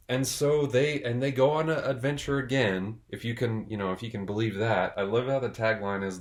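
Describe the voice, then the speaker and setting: A man's voice: on the low side, normal speed, hardly any pauses. A male host talks through a lighthearted movie review in a loose, rambling way. He jokes around and often restarts his sentences. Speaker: video host and film reviewer. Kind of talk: casual comedic review.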